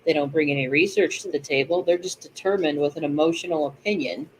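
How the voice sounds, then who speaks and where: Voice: mid-range voice, fast, a little hiss or hum, rough recording. A podcast co-host in casual, chatty conversation who laughs easily. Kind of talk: casual chat.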